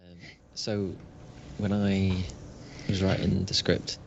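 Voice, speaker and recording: A man's voice: low voice, level tone, slow, gravelly, lo-fi sound, slight background noise. A man co-hosting a casual chat, hesitant and interrupting himself as he asks a question. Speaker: podcast co-host.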